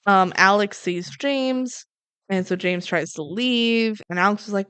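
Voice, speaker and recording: A woman co-hosting a podcast, casually recapping a movie scene by scene and acting out the characters' lines with quick laughs. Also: mid-range voice, smooth, no echo. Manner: animated retelling, acting out quoted lines, laughing. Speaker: podcast co-host.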